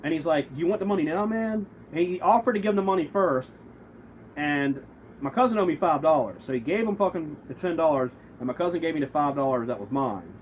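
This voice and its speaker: A man's voice: fairly high pitch, animated, a little fast. A man ranting, cursing, on muffled stream audio. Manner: profane, aggrieved storytelling; rambling, with many restarts and quoted back-and-forth. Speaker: livestreamer. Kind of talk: casual livestream rant. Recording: muffled lo-fi stream audio, faint background noise.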